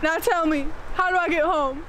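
A woman's voice: extremely high pitch, fairly even intonation, normal speed. A young woman playing a frightened, bewildered girl trapped inside TV shows, with panicky outbursts, in an improvised student-film parody. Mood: pleading. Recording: echoey room with faint background noise.

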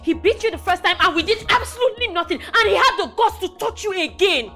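A fiercely protective Nigerian woman with a high, swooping voice, cutting and sarcastic. She talks down a bully with open scorn. Film score hums faintly behind her. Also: lively intonation, quick pace, faint music behind, exaggerated voice. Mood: indignant. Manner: confrontational, sarcastic, sharp. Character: bold, fiercely protective young woman friend. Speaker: protective friend confronting an abusive husband. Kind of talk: film acting.

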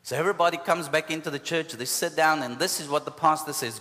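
A man with a South African accent, a pastor telling a story in an animated sermon, punctuated with hallelujahs and asides. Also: on the high side, quick pace, few pauses. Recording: long hall reverb.

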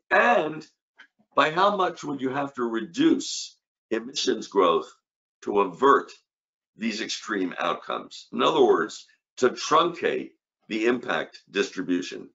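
A man's voice: medium pitch, sing-song, slow pace, gravelly, pushed and bright, dull audio. An older man giving an academic conference lecture on economics, emphatic, with rhetorical questions and punchy repeated short phrases.

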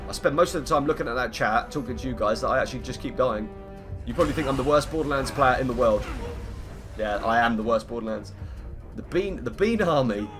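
A man with a croaky voice chatting through live gameplay commentary, greeting viewers and humming between lines. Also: mid-range voice, expressive, quick pace, over music. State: hoarse, croaky voice. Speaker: game streamer. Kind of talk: live gameplay commentary, reading chat aloud.

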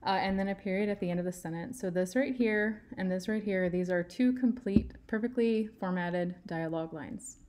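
A woman's voice: mid-range voice, moderate pace, hardly any pauses, darkish tone. A woman teaching writing in a tutorial, patient and step by step, leaning on key words for emphasis. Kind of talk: screen-share writing tutorial.

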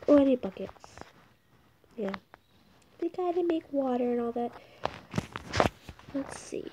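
A woman's voice: high-pitched, animated, unhurried, warm tone, highs cut off. A young woman casually narrating her gameplay, rambling and a little awkward, often dropping to a whisper. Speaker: game vlogger. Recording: noisy home recording.

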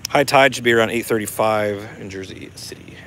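A man's voice: on the low side, brisk, a bit bright, slight background noise. Man, casual livestream talk, laid-back, outdoor ambience. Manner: laid-back, laughing, chatty. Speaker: vlogger reading live chat.

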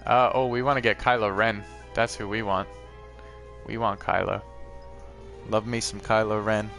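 A man's voice: on the low side, little pitch movement, moderate pace, a bit bright, faint music behind. A man hosting a live gameplay stream in a casual, chatty way, talking to viewers and reacting to the game as he plays.

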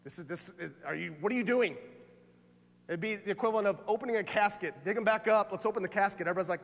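Middle-aged male pastor, high tenor, impassioned sermon delivery, recorded in a church sanctuary with long hall reverb. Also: fast, gravelly. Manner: impassioned preaching, rising to shouted lines.

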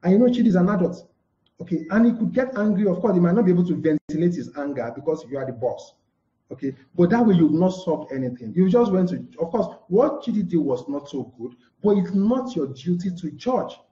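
Speaking fairly quickly with lively intonation, this communication trainer has a high, dark-toned voice. He's teaching a live-streamed lesson, repeatedly saying "okay" and answering his own questions. A live broadcast mic picks him up in a dull room with echo.

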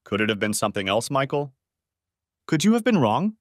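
A man's voice: medium pitch, very animated, brisk, dry recording, clean studio sound, lightly acted. A man voicing a worried young woman friend in an audiobook, anxious and pleading. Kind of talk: audiobook narration.

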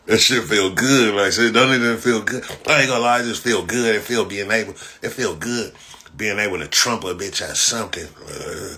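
Low voiced young LA guy ranting on a livestream, cussing, bragging, repeating himself, punchy tone. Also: moderate pace, bright, forceful tone. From Los Angeles, Inglewood. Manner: profane, boastful, repetitive, laughs often. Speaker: livestream host. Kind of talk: casual livestream rant.

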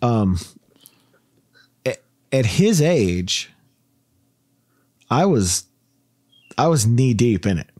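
A man's voice: medium pitch, sing-song, very slow, long pauses, a little mellow, no room sound, studio quality. A man hosting a casual podcast, telling rambling stories and laughing through his own jokes. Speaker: podcast host.

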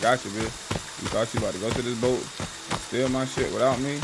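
A man's voice: medium pitch, fairly even intonation, a little fast, heavy background noise. A man hosting a live gaming stream, ranting and trash-talking his viewers in a profane, casual way over game music. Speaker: gaming livestream host.

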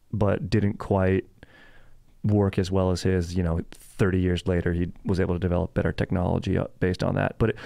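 A man's voice: deep voice, gravelly, dark tone, no echo, studio quality. A young adult man hosting a comedy podcast, rambling casually with fillers and swearing. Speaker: podcast host.

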